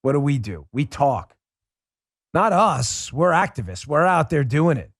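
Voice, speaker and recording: Male political host, combative ranting style, slightly high voice, dry close sound. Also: very animated, a little slow, a bit bright, no room sound. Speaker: political talk show host. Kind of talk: heated political commentary monologue.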